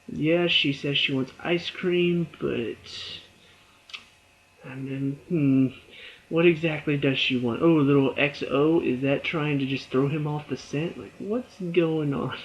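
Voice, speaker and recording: A man's voice: fairly high pitch, dull audio. A young man reviewing a TV episode in a casual, rambling way, laughing often and acting out his own reactions.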